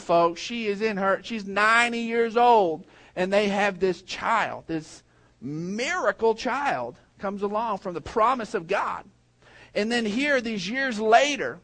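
A middle-aged man preaching a sermon, reading scripture and breaking in with lively asides. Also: high-pitched. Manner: animated, interjects while reading. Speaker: pastor.

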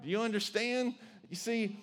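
A male pastor preaching a sermon, telling the story with animated, conversational energy. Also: high-pitched, normal speed.

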